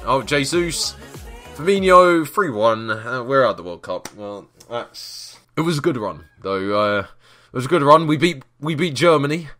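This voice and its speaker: A man commentating his own football management game, dry and self-mocking, shouting when a goal goes in. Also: medium pitch, expressive, measured pace, faint music behind. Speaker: gaming YouTuber.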